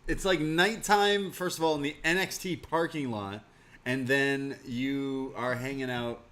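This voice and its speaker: A man co-hosts a relaxed wrestling recap chat and laughs often. Now and then he gets loud, quoting the characters from the show. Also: mid-range voice, measured pace. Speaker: podcast co-host.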